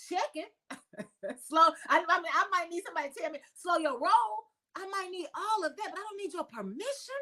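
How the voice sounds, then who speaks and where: High-voiced woman preaching emphatically. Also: pushed and bright. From United States. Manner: emphatic, repeats phrases in lists, laughs often. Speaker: reverend and podcast host. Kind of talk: preachy spiritual talk.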